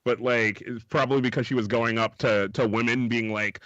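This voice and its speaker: A man co-hosting a podcast in casual chat, laughing often and swearing, putting on high voices for quoted people. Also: moderate pace, a bit bright, no echo, highs cut off. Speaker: podcast co-host.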